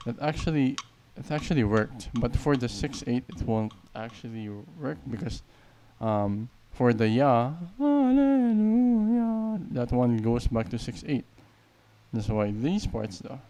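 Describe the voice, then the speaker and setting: A man's voice: mid-range voice, unhurried, warm tone. A man teaching a piano tutorial, counting beats aloud and explaining patiently. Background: piano playing.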